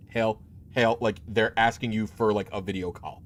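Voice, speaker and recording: A man's voice: lowish voice, a little fast, a little hiss or hum. A man running a tabletop game as game master, narrating in a rambling, hesitant way with many fillers.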